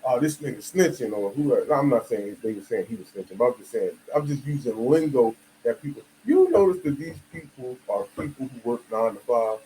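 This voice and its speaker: A man's voice: medium pitch, animated, brisk, few pauses, mellow, a little hiss or hum, low-quality recording. A man from the United States giving a casual, emphatic monologue full of slang and "you feel me" asides. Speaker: video commentator.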